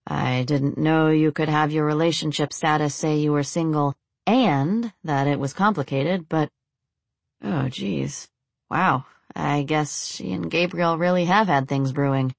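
Lady reading as a chill teasing young guy, low voice, dry close sound. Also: a little slow, vocal fry, dry recording, full character voice. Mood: easygoing. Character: young man, relaxed and teasing.

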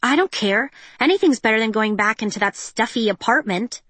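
Audiobook: woman reading a gushing, whiny teen girl, pitched high and loud, dry sound. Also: animated, brisk, slightly rough, no echo. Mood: eager. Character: excitable teenage girl, dramatic, bubbly stepsister.

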